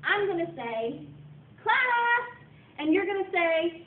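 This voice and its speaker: A young woman teacher with a high voice leads a classroom through call-and-response drills, upbeat and encouraging. She is heard from a distance in an echoey room on a thin, phone-like recording. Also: expressive, moderate pace. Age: young adult. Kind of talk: classroom instruction, practicing routines. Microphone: distant camera mic.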